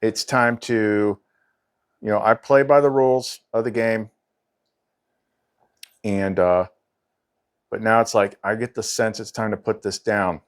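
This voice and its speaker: A man's voice: on the low side, steady tone, measured pace, long pauses. A man talking in a rambling, agitated casual monologue, full of fillers and frustrated asides. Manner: agitated, rambling, frequent "like" and "freaking". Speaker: spiritual channel host.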